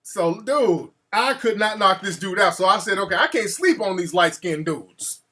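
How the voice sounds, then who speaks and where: Bright-voiced man telling a rowdy story. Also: high voice, normal speed. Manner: animated, profane, acts out quotes. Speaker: radio show host. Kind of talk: storytelling on a call-in show.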